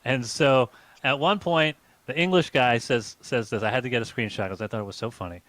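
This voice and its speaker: A man's voice: medium pitch, fairly quick, a bit bright, no echo. A man co-hosting a comedy live stream, telling a rambling story in casual chat with lots of fillers. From United States.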